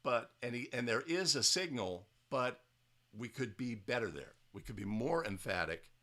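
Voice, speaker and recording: A man's voice: medium pitch, expressive, normal speed, fairly bright tone. A man acting as a basketball officiating instructor. He breaks down game footage in a casual teaching style, often tagging his points with "right?" and restarting his sentences.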